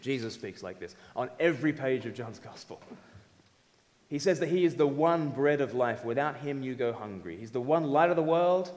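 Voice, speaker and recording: A man's voice: mid-range voice, moderate pace. Man preaching in a reverberant hall. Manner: animated, conversational, audience-engaging. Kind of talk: sermon.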